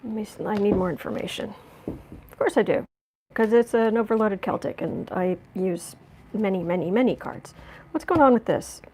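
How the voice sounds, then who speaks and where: A woman's voice: mid-range voice, moderate pace, a little mellow, husky. A woman giving a casual tarot reading, musing aloud and often restarting or repeating words. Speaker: tarot reader.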